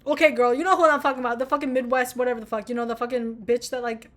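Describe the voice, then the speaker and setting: Rapid-fire yet steady in tone, her fairly high, fairly bright voice carries a casual music chat. She's a young American vlogger in her twenties who rambles, curses and teases herself.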